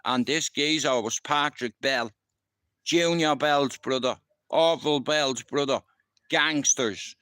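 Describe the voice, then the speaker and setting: Middle-aged Irish man, livestream storyteller, rough street talk, clear smooth voice, dry mic. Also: medium pitch, slow pace, bright, forceful tone, no echo. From Ireland. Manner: rambling, swears freely, keeps asking if you understand. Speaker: livestream host. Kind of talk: casual storytelling.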